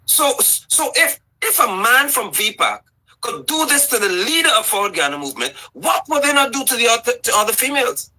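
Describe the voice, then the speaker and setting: A man's voice: very high-pitched, sing-song, brisk, pushed and bright, rough recording. A man hosting a live political commentary show, talking through slides in an indignant tone and hammering his audience with rhetorical questions.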